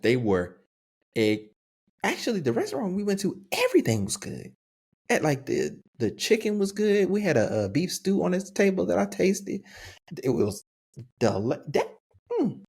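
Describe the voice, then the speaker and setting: A young adult man co-hosting a podcast in casual, slangy chat. He laughs often and talks with an easygoing, animated manner. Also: on the low side. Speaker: podcast co-host.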